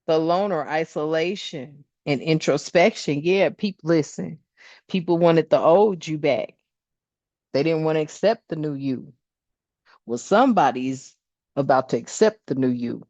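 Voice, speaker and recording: A woman with a lowish voice gives a casual tarot card reading to her followers. She talks in a chatty, emphatic way with slangy asides. The recording is dry and slightly dull. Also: measured pace, dry recording. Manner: chatty, emphatic, laughs often, slangy and expressive.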